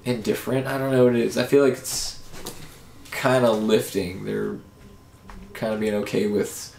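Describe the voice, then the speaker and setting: A young man from Japan with a gravelly, fry-heavy voice, trading loose and profane banter as a podcast guest. The room rings back noticeably around him. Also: lowish voice, little pitch movement, moderate pace, darkish tone, slight background noise. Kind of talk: casual podcast chat. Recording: echoey room.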